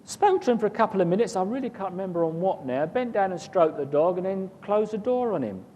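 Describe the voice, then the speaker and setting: High-voiced man telling a long story. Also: animated, quick pace, warm tone, muffled recording. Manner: rambling, repeats words, chuckles. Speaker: guest recounting an experience. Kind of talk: casual storytelling. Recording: long reverb, faint rumble.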